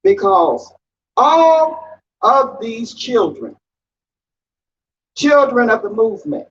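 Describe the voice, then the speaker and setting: Woman giving a slow, emphatic rally speech. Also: a little high, big pitch swings, a little hiss or hum. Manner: slow, emphatic, repeats phrases for effect. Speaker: rally speaker. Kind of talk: impassioned rally speech with call-and-response. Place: outdoor rally. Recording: dull lo-fi rally recording.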